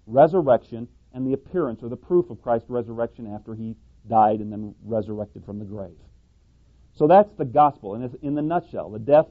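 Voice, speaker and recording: A male preacher delivers an emphatic sermon, pressing his points harder as he builds. His voice sits in a middle pitch. The sound is thin and tinny, like an old phone-line tape. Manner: emphatic, building to stressed pleas.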